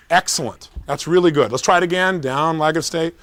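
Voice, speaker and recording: A man in his fifties, a motivational coach giving an emphatic, energetic seminar talk. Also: fairly high pitch, a little fast, background noise.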